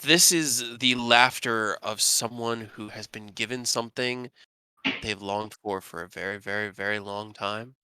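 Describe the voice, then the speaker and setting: A man runs a tabletop game and describes scenes in a casual, rambling way, with lots of restarts. His voice is bright and smooth. The sound is dry and close to the mic. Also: fairly low pitch, measured pace, no room sound. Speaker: game master.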